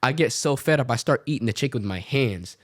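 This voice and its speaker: An animated young man telling a story in casual talk, jumping into quoted voices as he goes. His voice sits in the middle range, recorded dry and close. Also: medium pitch, quick pace, dry recording.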